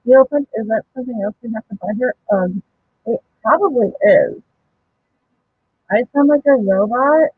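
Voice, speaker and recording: A woman's voice: a little high, moderate pace, pauses often, phone-quality sound, slight background noise. A woman hosting a crafting live stream, chatting casually, reading viewer comments aloud and laughing often. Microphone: home microphone.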